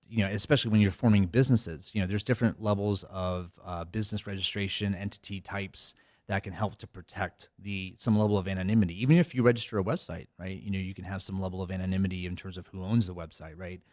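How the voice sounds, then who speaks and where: A man's voice: low-pitched, steady tone, fast talker, darkish tone, no room sound, clean studio sound. A middle-aged man, a company head, talking casually as a podcast guest, rambling with many fillers and restarts. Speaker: cybersecurity company CEO, guest. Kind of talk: casual interview talk.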